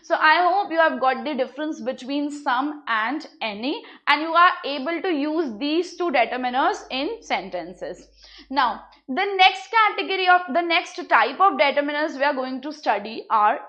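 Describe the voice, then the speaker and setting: A high-pitched woman with an Indian English accent walks a class through grammar rules. She repeats each point patiently and gives simple examples. The recording sounds a little dull and lo-fi. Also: animated, normal speed, sharp tone.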